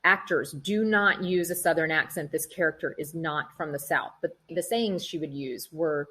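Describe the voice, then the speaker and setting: A middle-aged woman, an actress, chatting in an interview and telling animated stories about her work. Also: sits low, normal speed, breathy edge. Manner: chatty, animated storytelling, acts out quoted people. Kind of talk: casual interview conversation.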